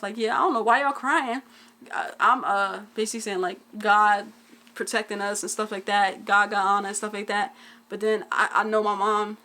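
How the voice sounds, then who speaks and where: A woman's voice: mid-range voice, pushed and bright. A young woman, telling a family story in casual vlog chat, full of "like"s. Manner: casual, dialect-heavy storytelling with many "like"s. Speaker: twin vlogger.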